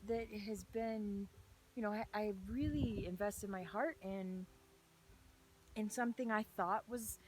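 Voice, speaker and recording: A young woman talking earnestly outdoors on a hilltop in the rain, sharing a devotional message in a rambling, filler-heavy way and often dropping into excited whispers. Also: fairly high pitch, background noise. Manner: breaks into excited whispers and laughter. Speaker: faith vlogger. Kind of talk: casual devotional talk.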